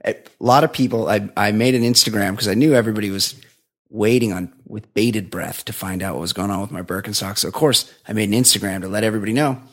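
A man co-hosting a podcast, telling a long rambling story in casual chat and dropping into a low flat voice to mimic others. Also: fast. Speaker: podcast co-host.

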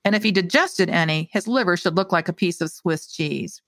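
Woman doing a deadpan lab scientist woman. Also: on the low side, moderate pace, dry recording. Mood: explaining. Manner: matter-of-fact, deadpan. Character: blunt, dry-witted female lab scientist.

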